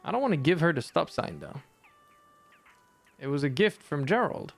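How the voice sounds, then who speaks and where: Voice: mid-range voice, big pitch swings, moderate pace, vocal fry, soft background music. A streamer chatting and muttering casually while playing a video game. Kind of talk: casual gameplay commentary.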